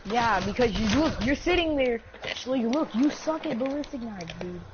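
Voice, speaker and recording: A woman's voice: a little high, expressive, moderate pace. A woman gamer mocking a teammate's play during an online shooter match. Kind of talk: casual chat while playing an online shooter. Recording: muffled lo-fi mic with loud clicking noise.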